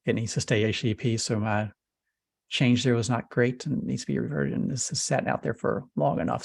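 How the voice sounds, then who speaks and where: Man speaking in a dry, even monotone. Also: mid-range voice, no echo. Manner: self-described monotone delivery. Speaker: meeting lead. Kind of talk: casual technical meeting discussion. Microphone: video call.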